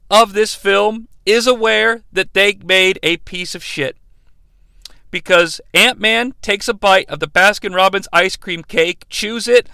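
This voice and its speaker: A man's voice: high voice, creaky, bright, forceful tone, smooth, no echo. A man hosting a movie review show and ranting without a script, profane and emphatic. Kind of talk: unscripted rant-style review.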